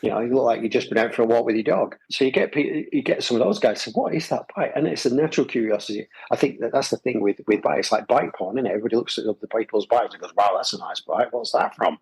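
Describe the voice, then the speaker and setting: A man's voice: mid-range voice, fast talker, vocal fry, few pauses, darkish tone, breathy edge, rough recording. A man telling stories in a loose, rambling podcast chat, full of fillers and restarts. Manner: rambling, lots of fillers and repeated phrases. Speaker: podcast guest, gravel shop owner. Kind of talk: casual conversational storytelling. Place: Adelaide Hills, South Australia.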